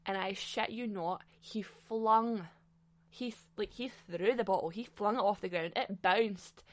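A woman's voice: medium pitch, measured pace. Woman spinning a funny story, super chatty, swears constantly, lots of "like". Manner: animated, chatty, swears a lot; frequent filler "like". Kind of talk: casual comedic anecdote.

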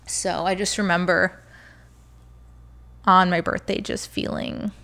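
A woman's voice: lowish voice, flat delivery, slow pace, bright, forceful tone. A young woman telling a personal story in a candid, conversational way, full of "like"s and at times fighting back tears. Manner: conversational, lots of fillers and "like". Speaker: vlogger sharing a personal story.

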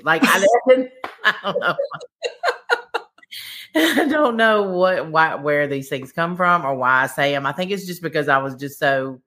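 Chatty low-voiced woman. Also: animated, measured pace, a bit bright. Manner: chatty, rambling, laughs often, acts out quotes. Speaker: podcast guest, baking competition winner. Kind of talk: casual storytelling chat.

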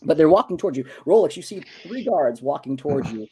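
A man's voice: on the high side, animated, fast, dark tone, breathy edge. A man narrating as game master of a tabletop game, rambling with fillers and restarts.

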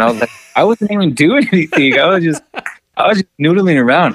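A man's voice: fairly high pitch, fast talker, dry recording. A man, a musician, telling a story in casual chat, swearing freely and acting out dialogue. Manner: profane, animated, acts out dialogue. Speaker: podcast co-host and musician.

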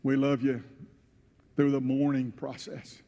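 A pastor preaching a sermon, retelling a scripture story in first person and swelling to loud, emotional peaks. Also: male voice, mid-range voice, level tone, a little slow, highs cut off. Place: church sanctuary. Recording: church hall with long reverb.

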